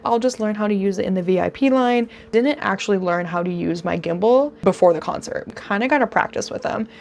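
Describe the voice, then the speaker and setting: Excitable young woman telling a story. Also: mid-range voice, creaky, a little hiss or hum. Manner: gushing, excitable storytelling with rapid bursts. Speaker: vlogger. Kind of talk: storytime vlog.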